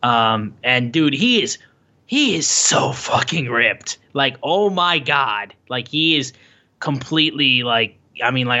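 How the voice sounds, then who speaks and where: A man co-hosting a casual wrestling podcast, excitable and loose, with lots of swearing and "like" fillers. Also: medium pitch, dull audio. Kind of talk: casual chat recapping a wrestling show.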